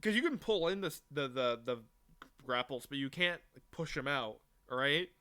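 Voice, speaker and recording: A man's voice: mid-range voice, expressive, moderate pace, sharp tone, smooth. A young man co-hosting a podcast, chatting casually, swearing freely and rambling with restarts. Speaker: podcast co-host. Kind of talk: casual chat.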